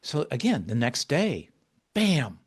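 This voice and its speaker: A man, an author as podcast guest, telling a personal story in conversation, halting with frequent restarts and turning animated when he quotes himself. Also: medium pitch, husky.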